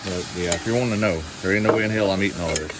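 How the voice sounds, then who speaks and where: Low-voiced and rapid-fire, a middle-aged man with a Southern US accent keeps up a chatty, folksy patter to a nearby camera as he cooks. The outdoor vlogger is at a winter campsite, where outdoor noise mixes with frying food.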